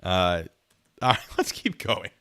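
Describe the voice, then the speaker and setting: Bright-voiced laughing male streamer. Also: sits low, huge pitch swings, slow pace, smooth. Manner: chatty, laughs often, reads out donations. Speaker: streamer reacting to videos. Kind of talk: casual livestream chat.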